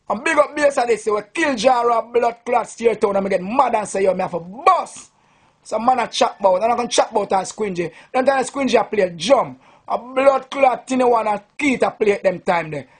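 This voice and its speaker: A drunk Jamaican sound system selector boasts to the camera in a rambling, profane rant. His voice is high-pitched with a breathy edge.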